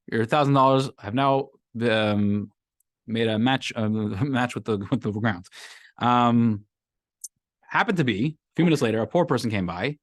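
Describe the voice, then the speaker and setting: Lively male rabbi teaching a class. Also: medium pitch, no echo, studio quality. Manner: animated, acts out everyday scenarios for the class. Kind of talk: conversational class lecture. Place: classroom with a live group.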